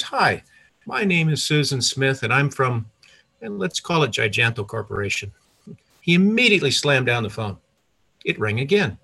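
A man's voice: medium pitch, bright, forceful tone, slightly rough. An older retired man telling a personal story in a conversational way, with restarts and self-corrections.

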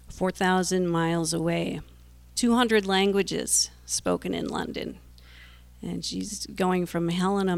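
Middle-aged woman telling her own story, anxious worrier type, bit of a gravelly rasp. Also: fairly low pitch. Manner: self-described worrier, earnest and anxious retelling; breaks into nervous laughs. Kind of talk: personal storytelling to an audience.

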